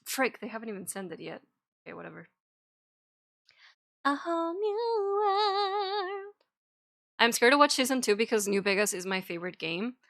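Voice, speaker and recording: A woman's voice: medium pitch, lively intonation, fast, creaky, fairly bright tone. A young woman streaming, chatting casually and rambling between topics, giggling and swearing now and then. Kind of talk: casual chat.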